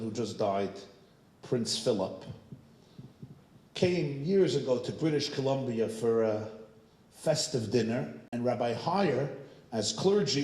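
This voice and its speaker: A man's voice: mid-range voice, darkish tone, reverberant. A man preaching as a rabbi in a synagogue, telling humorous anecdotes. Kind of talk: sermon with storytelling.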